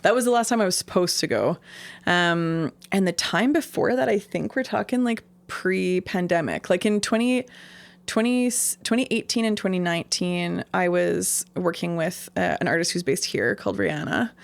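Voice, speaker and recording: A woman's voice: lowish voice, normal speed, creaky. A woman from Canada, an interview guest, telling stories in a rambling casual way with many fillers. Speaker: interview guest, singer-songwriter.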